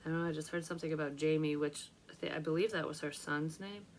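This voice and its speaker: A woman's voice: deep voice, fairly even intonation, quick pace, slight background noise. A young woman, a psychic medium, chatting casually and emotionally about a card reading in a rambling way.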